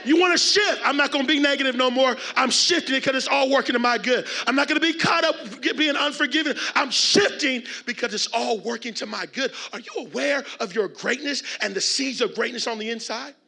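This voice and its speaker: A man delivering a motivational keynote to a conference crowd, preacher-style, with call and response and shouted refrains. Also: very high voice, fairly quick, vocal fry, few pauses, soft background music. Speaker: keynote speaker. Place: large conference hall with audience.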